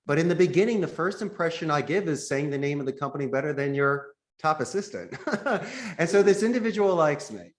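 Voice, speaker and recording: A man's voice: fairly high pitch, expressive, a little fast. A man who founded a call center, a podcast guest explaining phone sales techniques and acting out sample calls as he goes.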